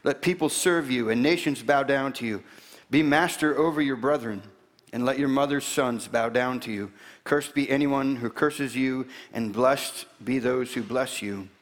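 Man reading aloud old father, solemn blessing, measured, mid-pitched, long hall reverb. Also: close to an everyday voice. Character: elderly blind father giving a solemn blessing.

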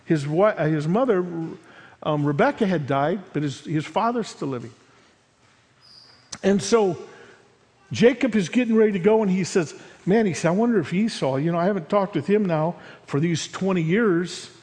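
A man preaching a sermon, retelling a story as he voices its figures and swings between loud and hushed passages. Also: high voice, lively intonation, moderate pace, long reverb tail. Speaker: pastor.

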